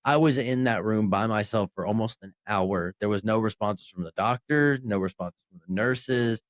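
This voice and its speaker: A man in his thirties co-hosting a podcast, telling a story with animated emphasis. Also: on the low side, normal speed, no room sound. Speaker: podcast co-host. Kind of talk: casual podcast conversation.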